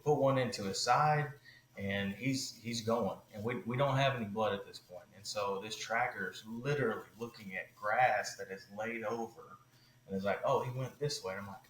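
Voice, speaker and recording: A man telling a hunting story on a podcast, animated and loose, full of "like" and "you know". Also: on the low side, moderate pace, roomy sound, slight background noise, low-quality recording. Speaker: podcast guest.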